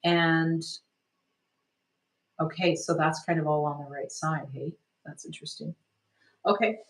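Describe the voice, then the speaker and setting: A woman energy healer guiding a healing session, speaking gently and soothingly, meandering with many "like"s and "sort of"s. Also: low voice, steady tone, measured pace, low-quality recording.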